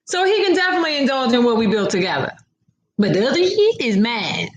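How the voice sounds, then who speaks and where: A sassy woman hosts a casual livestream, reading comments and talking straight to her viewers. Her voice sits a little high. The sound carries a noticeable room echo. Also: sing-song, fast, muffled recording.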